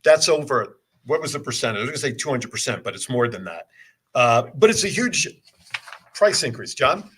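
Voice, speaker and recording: A male talk show host with a bright, slightly husky voice that moves up and down a lot. He cracks jokes with his guest and reads news stories in a playful way. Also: medium pitch, big pitch swings, a little fast. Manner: wisecracking, reads news items aloud. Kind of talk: casual interview chat.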